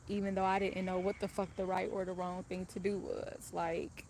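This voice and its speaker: A woman's voice: on the low side, level tone, normal speed, vocal fry, darkish tone, a little hiss or hum. A woman casually telling a personal story in a candid, profane, rambling way.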